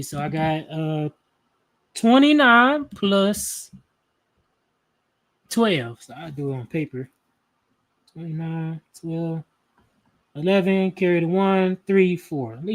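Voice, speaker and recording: A man in his thirties doing live energy readings on a stream, talking in a rambling, profane, casual way and counting his math out loud. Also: fairly high pitch, animated, slow pace, long pauses.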